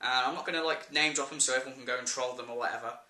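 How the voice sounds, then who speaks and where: A man's voice: mid-range voice, steady tone, racing, pushed and bright, reverberant. A man with an English accent ranting in a vlog, blunt and sweary with an exasperated edge. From England. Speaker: vlogger.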